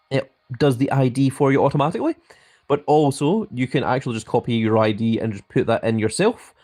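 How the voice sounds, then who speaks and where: A Scottish man hosting a live stream, his pitch swinging up and down as he talks. He speaks with a grand manner and sounds out every word with care. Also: a little mellow. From Scotland. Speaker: mobile game live streamer. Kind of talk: live stream chat reading.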